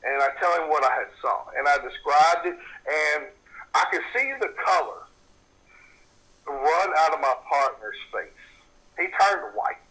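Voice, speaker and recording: A man with a drawl tells a story in an interview, his voice bright and forward. He is middle-aged and animated, and he stumbles over repeated words as he builds the tale. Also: fairly high pitch, measured pace, long pauses, low-quality recording. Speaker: paranormal investigator. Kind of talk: interview, recounting a personal story.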